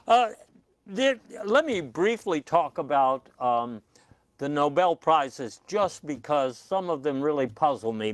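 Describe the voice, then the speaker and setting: A man hosting a comic news panel with a dry, deadpan delivery and hesitant fillers. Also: fairly high pitch, clean tone, dry recording. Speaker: comedy news host.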